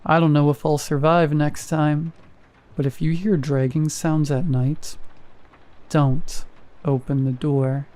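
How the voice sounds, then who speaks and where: Man with a mellow narrating voice. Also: fairly high pitch, slow. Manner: steady first-person storytelling. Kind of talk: scripted horror story narration.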